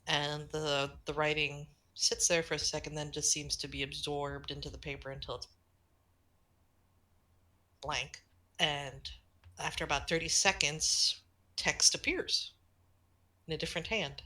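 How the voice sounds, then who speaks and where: A woman casually narrating a collaborative role-play, relaxed and full of fillers. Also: low-pitched, a little slow, long pauses. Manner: relaxed, filler-heavy, drifts between quiet and loud. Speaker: tabletop role-play player.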